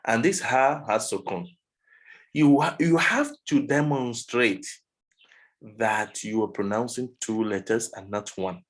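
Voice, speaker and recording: Man, pronunciation tutor, slow and unhurried, medium pitch, patient, models sounds over a video call. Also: rough recording. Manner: patient, repeats sounds for the student to copy. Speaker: Arabic pronunciation teacher. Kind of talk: one-on-one online tutoring.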